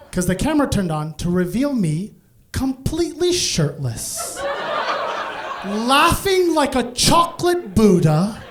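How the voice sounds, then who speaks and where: Male stand-up comic, very lively pitch, animated, laughing through his story on stage. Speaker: stand-up comedian. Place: comedy stage.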